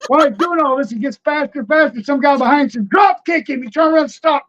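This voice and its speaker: A man's voice: very high voice, fast talker, muffled recording. An older man, a former wrestler telling road stories on a podcast, laughing often and acting out the people he quotes. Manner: laughing raconteur, acts out quotes. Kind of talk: casual storytelling.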